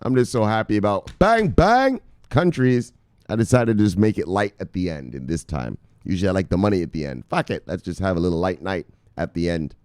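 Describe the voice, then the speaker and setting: A man hosting an excitable crypto news show, shouting bursts of exclamations, swearing freely and swinging from loud yells to low mutters. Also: fast talker, hardly any pauses, dry recording, studio quality. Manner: shouts bursts of "Bang!", swears, hypes his viewers.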